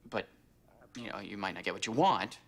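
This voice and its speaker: An actor playing a young man who awkwardly tries to comfort a friend in a TV drama, halting and full of fillers. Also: on the low side, expressive. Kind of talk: TV drama dialogue.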